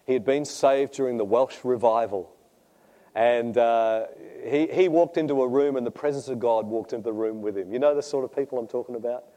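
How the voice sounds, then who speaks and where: Australian pastor telling a story. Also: male voice, mid-range voice, a little fast, dark tone. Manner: conversational storytelling with self-deprecating humor. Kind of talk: sermon with personal testimony.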